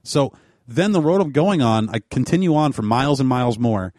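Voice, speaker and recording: A man spins a long, winding story in easy conversation, stacking fillers as he goes. His voice sits at an ordinary middle pitch and is recorded dry and close, with no room sound. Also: brisk, no echo. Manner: rambling, animated storytelling with fillers. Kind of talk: casual chat.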